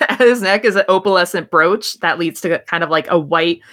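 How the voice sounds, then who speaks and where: A woman's voice: lowish voice, normal speed, heavy background noise. A woman narrating as game master in a tabletop game, rambling and self-deprecating as she describes scenes.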